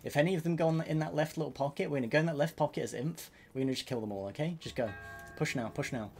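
A man streaming a competitive match, shouting quick, repetitive orders to his team and swearing often. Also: fairly high pitch, faint music behind. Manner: urgent, repetitive callouts, swearing. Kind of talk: live gaming comms, giving orders.

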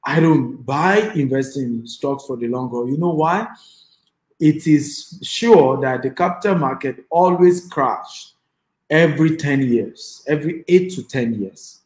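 A man's voice: on the high side, measured pace, a little mellow, echoey room, low-quality recording. A man with a Nigerian accent giving an online class as a real estate investor and trainer. He speaks emphatically and repeats phrases, and he urges the audience to type replies.

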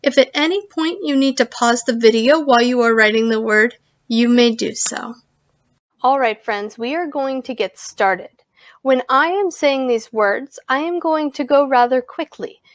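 A woman teaching a virtual music lesson to young children, giving slow, clear instructions. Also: high-pitched, highs cut off.

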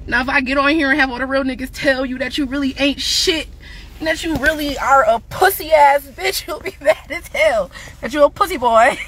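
A woman's voice: high voice, sharp tone. A young woman ranting angrily on a livestream, mocking and swearing with bursts of scornful laughter. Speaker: livestreamer responding to her child's father. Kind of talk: heated livestream rant.

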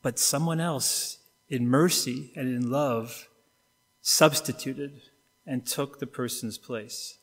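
A middle-aged Canadian man preaching a sermon, telling a story and acting out the quotes, getting suddenly quieter or louder and faster or slower. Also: mid-range voice, steady tone. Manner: storytelling with acted-out quotes, wide swings in loudness and pace. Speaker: pastor. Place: church sanctuary. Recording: long reverb of a church hall.

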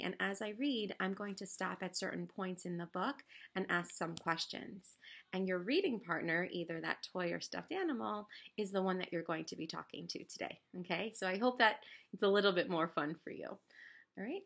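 A woman teaching first graders in a recorded read-aloud lesson, speaking in a gentle, instructive tone to children. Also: mid-range voice, moderate pace, gravelly.

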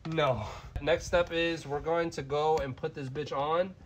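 A young man live-streaming while he works on a car, loud and excitable, swearing often and talking to his chat. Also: on the high side, measured pace, slight background noise. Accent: Florida.

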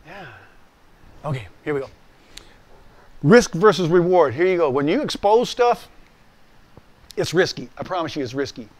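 Speaking directly to those listening, a male pastor recounts his personal testimony in a conversational sermon. He animatedly acts out the voices he quotes, and his pitch is fairly high.

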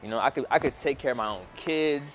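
A man hosting a prank video, talking in loud, slangy, playful bursts and laughing often. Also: medium pitch, fast, faint music behind. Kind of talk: hidden-camera prank banter.

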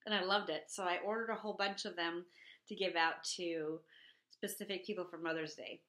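Chatty woman with a bright voice. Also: brisk, roomy sound. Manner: chatty and animated, acting out quotes in a high voice. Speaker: vlogger. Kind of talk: casual chat. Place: home.

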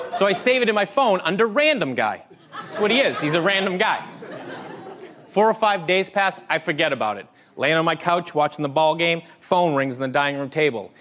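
A man doing stand-up storytelling on a comedy club stage, animated and conspiratorial, checking in with the crowd. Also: on the high side. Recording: live club audio with crowd noise.

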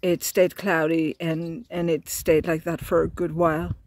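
A woman's voice: low-pitched, flat delivery, measured pace, darkish tone, no room sound. An Irish woman telling a casual video diary while walking by a road, rambling with many fillers and restarts, a little tearful. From Ireland. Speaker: pilgrim vlogger.

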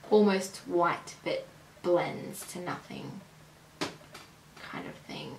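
Slow, chatty young woman in a roomy space. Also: lowish voice, vocal fry, noisy background. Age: early 20s. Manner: chatty, rambling, unhurried with hesitations. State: tired. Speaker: beauty vlogger. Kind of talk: casual product review. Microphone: camera mic. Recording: roomy echo.

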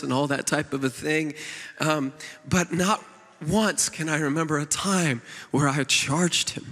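A middle-aged man preaches in a big conference hall, and his voice rings out with a long reverb. His pitch sits a little high for a man. He tells a personal story in an earnest, tender way, with plenty of fillers and restarts. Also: fairly bright tone. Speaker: worship leader preaching at a conference. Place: large church conference hall.

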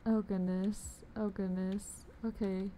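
A young woman livestreams a game, chatting with her viewers in a bubbly, giggly way and laughing often. Her voice is warm and medium-pitched with little pitch movement, and she speaks slowly over a faint hiss or hum.

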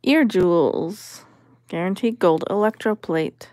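A woman's voice: on the low side, slow, background noise. A woman vlogger giving casual commentary as she sorts vintage jewelry, musing and appraising each piece aloud.

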